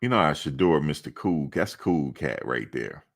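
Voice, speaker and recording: A man's voice: extremely low pitch, sing-song, normal speed, vocal fry. A male host of a football fan show, chatting casually in a playful, joking, slangy way and repeating himself for emphasis.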